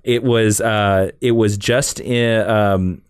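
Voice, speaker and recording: A man's voice: on the low side, steady tone, slow pace, clean tone, dry recording, clean studio sound. A man hosting a casual comic-book podcast, talking with enthusiasm and acting out character quotes. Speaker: podcast host.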